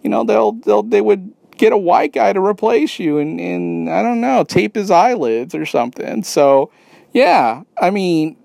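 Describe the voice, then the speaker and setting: Male podcast host, a touch higher-pitched than most, dry close sound, casual rambler who swears and restarts often. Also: lively intonation, unhurried, vocal fry, darkish tone, no room sound. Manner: rambling, profane, many restarts and fillers.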